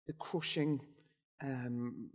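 A man's voice: medium pitch, steady tone, drawn-out words. A man hosting a book podcast who talks in an enthusiastic, rambling way. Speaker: podcast host. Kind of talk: casual book discussion. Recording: echoey reverb.

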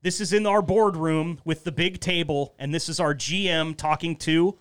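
A man's voice: on the high side, fairly even intonation, moderate pace, fairly bright tone, clear, resonant tone. A man hosting a podcast, chatting loosely with some swearing as he sets up a clip. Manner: casual, profane, setting up a clip. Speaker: podcast host. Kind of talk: casual chat.

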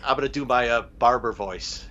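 A man co-hosts a podcast in relaxed, casual chat. He is joking and supportive, dropping quick asides and short replies. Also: medium pitch, dull audio. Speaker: podcast co-host.

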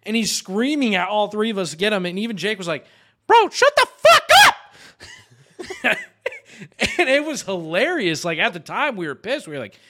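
A man co-hosting a podcast, swapping rowdy gaming stories with friends and shouting out the lines of angry teammates. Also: high-pitched, lively intonation, fast talker, hardly any pauses. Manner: swears a lot, acts out yelling friends. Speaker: podcast co-host. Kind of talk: casual chat.

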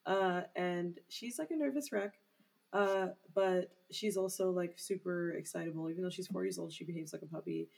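A woman's voice: fairly low pitch, moderate pace, gravelly, darkish tone, slightly rough. A young woman co-hosting a casual podcast, rambling with lots of "like" fillers. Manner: rambling, heavy use of "like" fillers. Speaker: podcast co-host. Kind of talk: casual chat.

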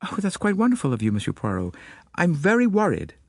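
A man voicing a determined American woman of about thirty, speaking with an American accent in an earnest, brisk, worried way, in an audiobook. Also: high voice, huge pitch swings, gravelly, slightly rough, no echo, studio quality, voice pushed up, heavily acted.

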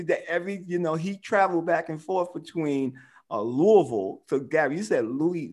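A man's voice: fairly high pitch, moderate pace, darkish tone. A man co-hosting a casual podcast chat, telling stories animatedly and peppering his speech with "man". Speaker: co-host.

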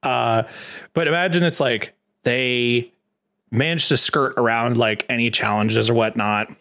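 A man's voice: medium pitch, fairly even intonation, a little slow, bright, forceful tone. A man co-hosting a podcast in casual chat, telling a rambling story with many fillers and restarts. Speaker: podcast co-host.

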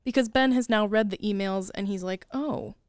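A woman with a smooth, clear voice retells a film's story in casual chat, quoting the characters as she goes. The sound is close and dry. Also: medium pitch, a little fast, no echo. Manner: animated storyteller, laughs often, quotes characters. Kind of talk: casual movie recap chat.

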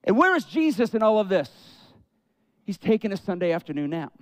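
Male pastor, high voice, expressive sermon delivery with acted-out quotes. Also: fairly quick, dry recording. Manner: expressive preaching, acts out quoted prayers.

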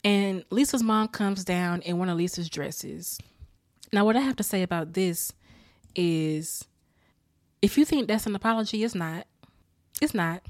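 A woman's voice: mid-range voice, no room sound. Woman ranting with profanity, dry sound. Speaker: TV episode reviewer. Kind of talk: casual reaction recap.

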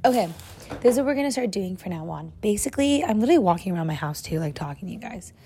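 A woman's voice: mid-range voice, animated, racing, slight background noise. Bubbly young woman podcasting into a phone. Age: young adult. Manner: bubbly, loud, lots of "like" fillers. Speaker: podcast host. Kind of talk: casual chat, like a voice memo. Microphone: phone with clip-on lav mic.

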